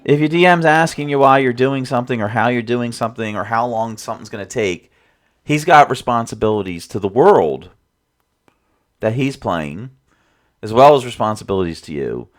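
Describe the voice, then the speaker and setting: A man's voice: mid-range voice, animated, normal speed. Rambling man musing on his tabletop game. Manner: rambling, with many restarts and asides. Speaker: dungeon master reflecting on his game. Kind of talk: casual spoken reflection.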